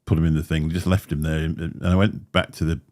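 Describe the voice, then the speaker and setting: A man's voice: rumbling low, little pitch movement, fast talker, darkish tone. A man hosting a livestream, chatting in a rambling way with a slight lisp and frequent laughs. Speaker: livestream host. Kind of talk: casual chat. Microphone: desk microphone.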